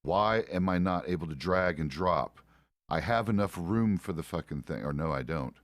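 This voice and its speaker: A man's voice: low voice, lively intonation, normal speed, no echo, clean studio sound. A middle-aged man streaming a game, chatting casually in a grumpy, swearing, complaining way. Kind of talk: casual live-stream chat while gaming.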